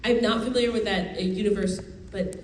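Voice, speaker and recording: A woman's voice: mid-range voice, steady tone, a little fast, slight background noise. Chatty woman on a roomy convention panel. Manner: chatty, laughing, lots of fillers and restarts. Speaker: actor answering fan questions at a convention panel. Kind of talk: casual panel Q&A. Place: convention hall. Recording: roomy hall audio from a far mic with faint ambience.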